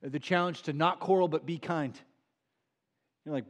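A middle-aged male pastor delivering a sermon in a slightly high voice. He is earnest and emphatic, and he leans on repetition. He slows right down to draw out the phrases he wants to land. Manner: earnest, emphatic preaching with slow drawn-out key phrases and repetition.

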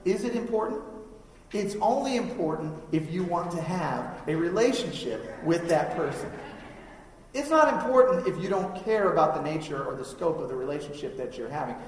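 A man in his thirties preaches in a relaxed, conversational way, often putting questions to the congregation. His voice sits a little high for a man. The sound is a long, echoing hall reverb, picked up from some distance, with faint room ambience. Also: normal speed, slight background noise. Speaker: pastor. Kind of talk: sermon. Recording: echoey hall, mic from far off.

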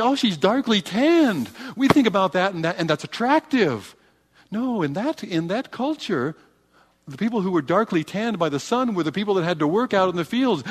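A pastor delivers a sermon in a voice pitched a little high for a man. He preaches with animated emphasis and often restarts his phrases. His voice rings with the long reverb of a large hall.

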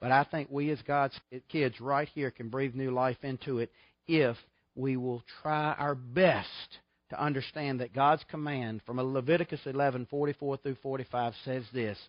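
A man's voice: mid-range voice, steady tone, normal speed, no echo, lo-fi sound. A middle-aged man preaching a sermon in a folksy, emphatic way, full of rhetorical questions. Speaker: pastor.

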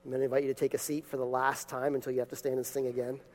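A man's voice: mid-range voice, flat delivery, very fast, a little mellow, in a large hall. A man preaching a sermon in a church, reading scripture, praying and teaching with emphatic repeated phrases. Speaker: pastor. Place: church sanctuary.

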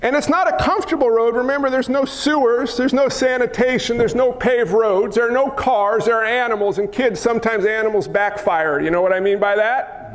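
A man's voice: extremely high pitch, fairly quick, few pauses. A man preaching a sermon as a dramatic story, with repeated lists and rhetorical questions, sometimes dropping to a whisper. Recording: long hall reverb.

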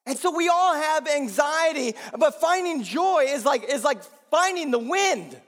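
A male pastor preaching a sermon, swinging between loud rises and low, quiet drops. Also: expressive, measured pace. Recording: long hall reverb.

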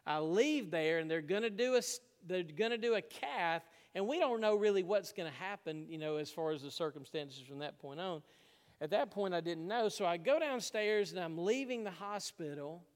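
A man's voice: high voice, clean tone, in a large hall. A man preaching a sermon, telling a personal story with emotion and frequent laughs. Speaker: pastor.

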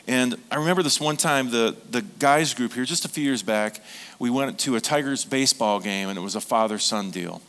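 A middle-aged man, preaching a sermon as a pastor in an earnest storytelling manner. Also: medium pitch. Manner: earnest storytelling, becomes quiet and emotional.

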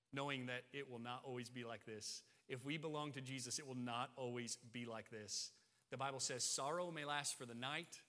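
Bright-voiced man preaching in a reverberant hall. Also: medium pitch. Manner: preaching with rising intensity and emphatic repetition. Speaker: pastor. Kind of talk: sermon.

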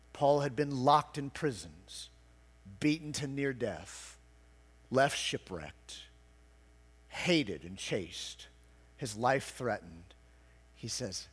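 A male pastor delivering a sermon, building to emphatic, loud passages and then dropping to quiet, intense explanation. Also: mid-range voice, husky, long reverb tail.

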